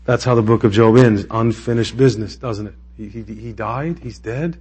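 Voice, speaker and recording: Male pastor, husky voice, casual sermon delivery, emotional, climbs to passionate bursts. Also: fairly low pitch, moderate pace, darkish tone. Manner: conversational, emotional, rising to impassioned peaks.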